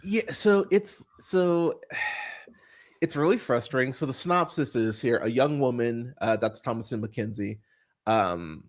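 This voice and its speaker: A man's voice: medium pitch, lively intonation. A man hosting a podcast, talking in a casual chat that rambles and swears freely, with lots of fillers and restarts. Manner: rambling, profane, halting with many fillers. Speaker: podcast host.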